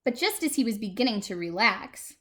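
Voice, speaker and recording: A woman's voice: a little high, fairly quick. A woman librarian reading a picture book aloud to preschool children, asking them questions as she goes. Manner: animated, talks to small children.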